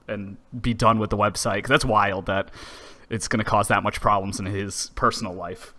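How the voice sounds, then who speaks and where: A man's voice: on the low side, a little fast, bright, forceful tone. A man co-hosting a podcast, delivering news in a blunt, joking, profane way. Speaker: podcast co-host. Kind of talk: casual chat, news segment.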